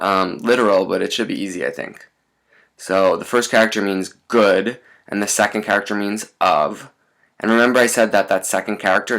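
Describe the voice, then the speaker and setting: Low-voiced man explaining a lesson. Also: creaky, a bit bright. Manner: explanatory, checks in with frequent "right?". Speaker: language teacher.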